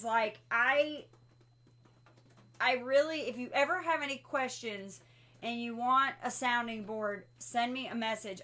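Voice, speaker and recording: Woman host, lively storyteller with a slightly high voice, casual livestream class. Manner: animated storyteller who laughs often. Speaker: host teaching an essential oils class.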